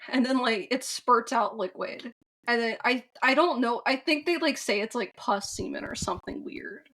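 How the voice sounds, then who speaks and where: A woman's voice: fairly high pitch, moderate pace, fairly bright tone. A woman co-hosting a podcast, recapping a film in a rambling, casual way with many fillers and frank swearing. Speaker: podcast co-host.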